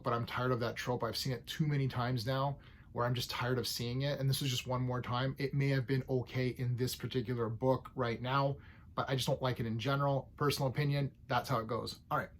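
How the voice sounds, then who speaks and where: A man reviewing comic books in a casual vlog, opinionated and ranting, who clears his throat often. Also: mid-range voice, level tone, a little fast, a little hiss or hum. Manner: opinionated, ranting about story tropes.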